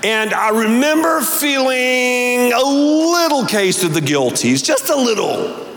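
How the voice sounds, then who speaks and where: A man pastor preaching a sermon to a large congregation, telling a story with deliberate emphasis. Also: very high-pitched, sing-song, a bit bright, a little hiss or hum. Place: large church auditorium. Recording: echoey large hall.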